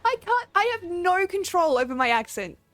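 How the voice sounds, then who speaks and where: A woman's voice: extremely high pitch, sing-song, normal speed, fairly bright tone, faint music behind. An Australian woman hosting her game stream, chatting casually and reading chat aloud in a self-deprecating way. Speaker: streamer host.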